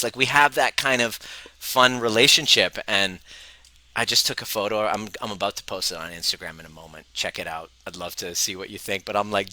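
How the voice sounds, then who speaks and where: A man's voice: lowish voice, normal speed, bright, forceful tone, no room sound, low-quality recording. A man, a personal growth coach, talking casually and candidly to his audience, swearing freely and laughing often. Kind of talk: casual live talk to an audience.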